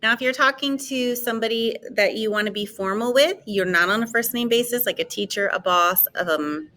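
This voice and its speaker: A woman teaching a beginner language lesson, modeling words slowly and clearly for students to repeat. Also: a little high, sharp tone. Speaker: French teacher.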